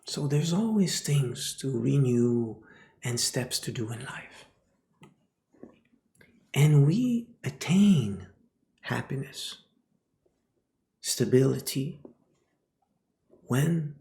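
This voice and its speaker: A man teaches about spiritual matters at an unhurried, deliberate pace. His voice has a gravelly, creaky texture, and he often sinks to a near whisper for emphasis. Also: medium pitch, warm tone, reverberant. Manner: slow, often drops into a whisper.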